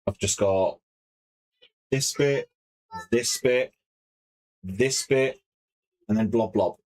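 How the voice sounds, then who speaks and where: A woman's voice: extremely low pitch, takes it slowly, long pauses, a little mellow. A woman making a costume helmet, muttering to herself as she works, wry and self-deprecating. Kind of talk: casual crafting vlog.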